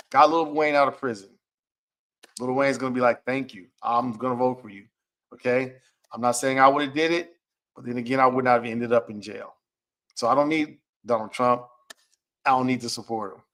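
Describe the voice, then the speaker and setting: A man's voice: on the high side, sharp tone. A middle-aged man, a music producer, giving casual commentary, chatty and often checking in with "okay?". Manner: chatty, repeats "okay?" to check in with listeners, acts out quotes.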